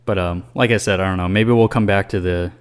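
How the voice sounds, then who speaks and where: A man's voice: sits low, steady tone, a little fast, clean tone. A man co-hosting a casual podcast, rambling with lots of fillers and swearing. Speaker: podcast co-host.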